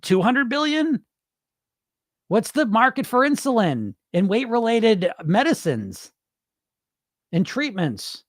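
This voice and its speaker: Speaking slowly with long pauses, a man with an extremely high voice hosts a weight loss live stream in clean studio sound with no echo. He goes through viewers' comments and answers them bluntly, swearing without restraint. In animated, casual talk, he plays out dieters' inner voices.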